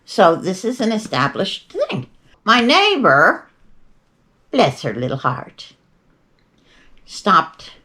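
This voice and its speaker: A woman's voice: medium pitch, huge pitch swings, slow pace, long pauses, bright, forceful tone. Older lady rambling through stories, wry and chatty, voice swings up and down a lot. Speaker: podcast host. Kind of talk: rambling casual storytelling.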